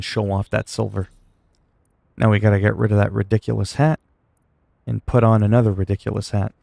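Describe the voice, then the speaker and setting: A man's voice: on the low side, gravelly, a little mellow, no room sound. A man chatting casually while livestreaming a game, answering chat questions in a laid-back, swearing way.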